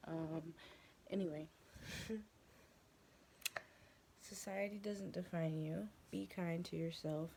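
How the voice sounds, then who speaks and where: A woman's voice: fairly low pitch, fairly even intonation, takes it slowly, vocal fry, long pauses, noisy background. A young woman chatting casually in her bedroom, telling a rambling story, swearing often and sometimes dropping into a whisper. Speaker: vlogger.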